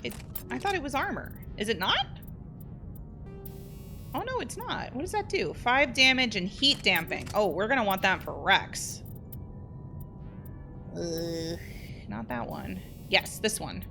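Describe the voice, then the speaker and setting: A woman commenting on her gameplay as host, chatting to the game's characters and yelping loudly when startled. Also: mid-range voice, big pitch swings, unhurried, creaky, pauses often. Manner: chatty, talks to game characters, startled into loud yelps. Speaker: let's play host. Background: game music and gunfire.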